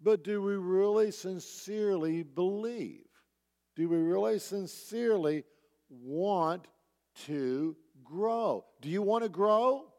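A man delivers an earnest sermon in a fairly high voice, pressing his points with repeated rhetorical questions. His voice rings with a long reverb, as in a church sanctuary. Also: expressive, slow, warm tone. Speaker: pastor.

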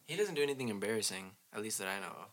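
A man in a casual podcast chat, cracking deadpan jokes. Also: fairly low pitch, very fast. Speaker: podcast co-host.

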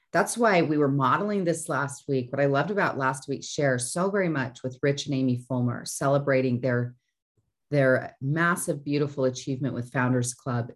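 A woman hosting a motivational talk, speaking earnestly and often checking in with "right?". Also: low-pitched. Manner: earnest, repeats phrases with "right?". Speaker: host. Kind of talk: motivational teaching chat.

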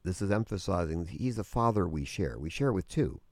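Very deep-voiced man explaining earnestly. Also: lively intonation, brisk, darkish tone, dry recording, clean studio sound. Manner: earnest, explanatory, many restarts. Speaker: guest teacher on prayer. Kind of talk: conversational religious teaching.

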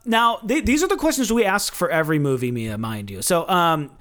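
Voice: medium pitch, expressive, fairly quick, a bit bright, slight background noise. A podcast host who leads a casual film discussion and wanders off into chatty, rambling asides.

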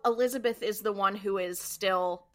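A woman's voice: mid-range voice, steady tone, moderate pace. A woman co-hosting a podcast, casually chatting and throwing in joking asides. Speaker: podcast co-host. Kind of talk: casual recap chat.

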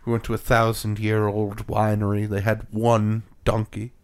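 A man's voice: fairly low pitch, monotone, normal speed, darkish tone, smooth. A man hosting a casual podcast chat, swearing freely and laughing often. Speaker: podcast host.

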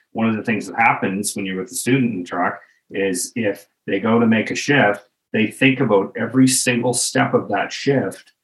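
Low-voiced man, plain-spoken trucking instructor. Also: rough recording. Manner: plain-spoken, practical, explains by example. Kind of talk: casual podcast conversation.

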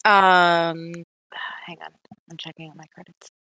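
A woman's voice: fairly low pitch, level tone, measured pace, sharp tone, smooth, no echo. A woman playing in a tabletop game, hesitant and giggly, often trailing off into laughs. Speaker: player. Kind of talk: tabletop role-play.

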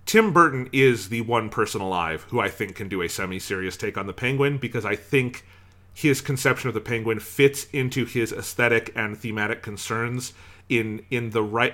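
A man co-hosting a film podcast, talking in an animated, profane way with frequent restarts. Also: medium pitch, moderate pace. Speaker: podcast co-host. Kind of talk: casual film discussion.

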